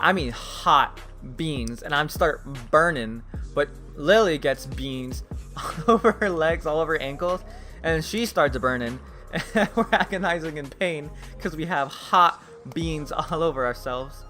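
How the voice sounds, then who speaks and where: A young man telling exasperated, laughing stories about his fast-food job in a casual vlog. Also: on the high side, animated, pushed and bright, soft background music. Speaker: vlogger.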